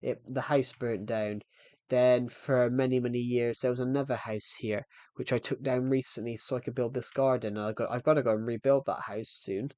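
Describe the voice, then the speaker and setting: A man's voice: medium pitch, steady tone, moderate pace, a little mellow, dry recording. A man in his twenties chatting casually on a live game stream, a little out of breath and rambling as he restarts his sentences. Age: 20s.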